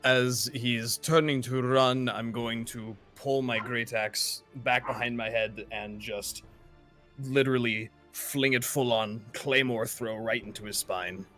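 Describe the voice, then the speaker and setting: A man's voice: mid-range voice, steady tone, slow, a bit bright, faint music behind. A young man playing a tabletop game, describing his character's actions eagerly. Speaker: player.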